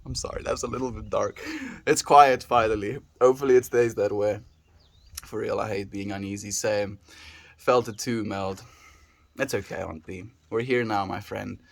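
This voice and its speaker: A man's voice: lowish voice, fairly even intonation, moderate pace, gravelly. A man livestreaming, chatting casually with his viewers, reading their messages aloud and musing in a reflective way. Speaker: daily livestreamer.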